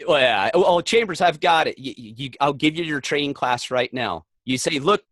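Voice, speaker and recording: A man's voice: medium pitch, moderate pace, a bit bright, no echo. Man, podcast co-host, wry jokes, folksy stories, casual chat, dry close sound. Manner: wry, joking, folksy storyteller.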